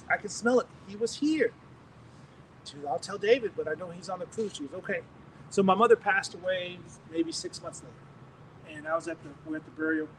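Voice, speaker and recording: A male preacher delivers a sermon testimony, telling it as a story and acting out each person he quotes. His voice sits high for a man. He is picked up from well away from the mic, with a faint hiss of noise behind him. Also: distant mic, low-quality recording.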